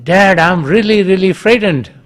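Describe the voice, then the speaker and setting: A frightened young boy alone in his room at night, voiced by a man telling the story, calling out to his father in a raised, pleading voice. The pitch lifts a little above the man's own voice. He sounds lonely rather than panicked. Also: slow pace. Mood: scared.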